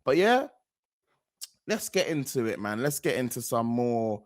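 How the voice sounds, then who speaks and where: A man's voice: mid-range voice, sing-song, measured pace, no echo, studio quality. A man hosting a football reaction channel, talking casually in a rambling way with slang and repeated phrases.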